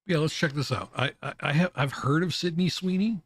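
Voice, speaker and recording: A man streaming casual reaction commentary, halting and often restarting his words with little chuckles. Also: on the high side, dry recording.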